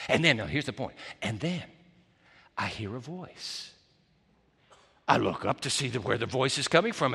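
A man preaching a storytelling sermon, swinging dramatically between loud bursts and hushed near-whispers. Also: on the high side, big-room sound.

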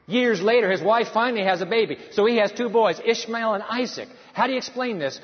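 Male preacher, high pitch, emphatic and rhetorical; muffled sound with a long church reverb. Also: fairly quick. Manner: emphatic, rhetorical questions to the congregation. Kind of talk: sermon. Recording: dull sound in a reverberant hall.

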